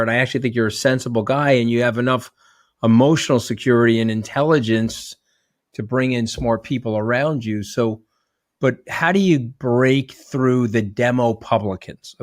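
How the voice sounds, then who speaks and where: A man's voice: mid-range voice, no echo. Casual middle-aged male host, dry sound. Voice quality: casual and conversational. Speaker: podcast host. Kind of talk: interview conversation.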